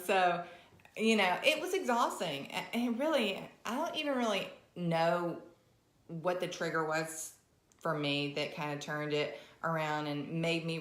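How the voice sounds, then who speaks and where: A woman with a Southern US accent talking candidly and reflectively as a podcast co-host, often pausing and restarting. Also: lowish voice, fairly bright tone, roomy sound. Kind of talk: casual conversation.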